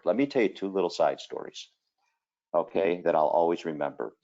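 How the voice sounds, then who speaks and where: Super deep voiced guy telling stories casually, okay and you know a lot, dull webinar audio. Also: animated, brisk, creaky, dark tone. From Cleveland area, Ohio. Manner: storytelling, folksy, repeats 'okay' and 'you know'. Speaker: kitchen designer. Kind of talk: screen-share presentation.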